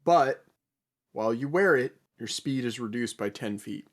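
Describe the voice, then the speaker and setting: A man's voice: mid-range voice, animated, normal speed. A man acting as dungeon master, casually explaining loot and rules. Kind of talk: running a tabletop game.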